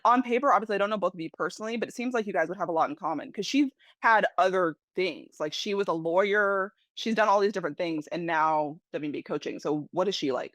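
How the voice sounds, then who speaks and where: A woman's voice: on the low side, no echo. A woman interviewing a basketball player, asking long, chatty questions and cheering her on. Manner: warm-up phrasing, encouraging, many "like" fillers. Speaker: interviewer, podcast co-host.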